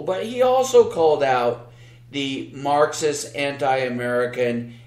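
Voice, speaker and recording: A man's voice: mid-range voice, echoey room. A man co-hosting a podcast, giving sarcastic, combative political commentary and reading news aloud with asides. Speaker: podcast co-host.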